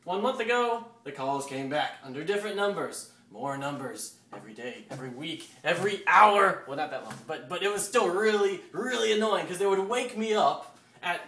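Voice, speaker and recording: A man telling an embarrassing anecdote in a casual, animated way, acting out what he said. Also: high-pitched, moderate pace, few pauses, reverberant, recorded from a distance. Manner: animated, acts out quotes. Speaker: storyteller on a talk show.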